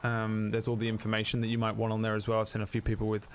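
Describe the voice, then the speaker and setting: A man's voice: lowish voice, completely flat delivery, rapid-fire, a little hiss or hum. Rambling, casual male game master. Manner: casual, rambling, filler-heavy. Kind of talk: narrating a tabletop game.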